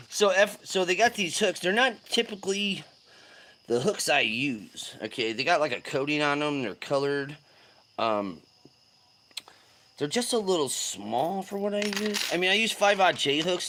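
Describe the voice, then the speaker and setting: A man hosting a fishing livestream, chatting casually and loudly greeting viewers with slang. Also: medium pitch. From California.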